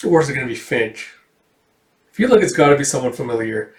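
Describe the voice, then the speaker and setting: A man's voice: medium pitch, expressive, brisk. A man casually recapping a comic story in a slangy, reactive way. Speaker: manga reader and commentator. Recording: echoey room, far from mic.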